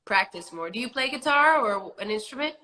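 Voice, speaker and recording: A woman's voice: a little high, expressive, a little fast, sharp tone, poor audio. A woman with a New York accent hosting a casual livestream chat, loose and chatty, laughing often. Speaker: host. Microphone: phone on a livestream video call.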